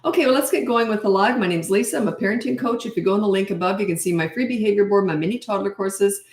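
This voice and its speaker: Woman parenting coach chatting away on a live, rambly and laughy, kinda gravelly voice. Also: medium pitch, quick pace, a little mellow. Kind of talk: live-stream chat. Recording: echoey room.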